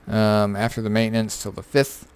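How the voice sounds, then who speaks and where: A man's voice: fairly low pitch, little pitch movement, normal speed, clear, resonant tone. A tired man who has been up all night, casually going over game patch notes with lots of fillers and offhand remarks. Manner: rambling, filler-heavy, offhand. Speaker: gaming content creator.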